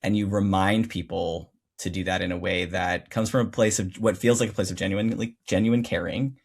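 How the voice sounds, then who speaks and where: A man's voice: deep voice, fairly even intonation, normal speed, husky. A man hosting a podcast, speaking reflectively and searching for words in casual conversation. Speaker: podcast host.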